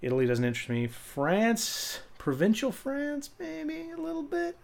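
A man's voice: extremely high pitch, a little slow, vocal fry. A man co-hosting a podcast, chatting casually with a profane, joking, rambling manner. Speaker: podcast co-host.

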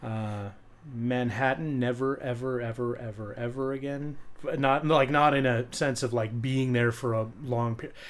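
A man's voice: medium pitch, fairly even intonation, normal speed. A man co-hosting a podcast, chatting casually with a profane, joking, rambling manner. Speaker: podcast co-host.

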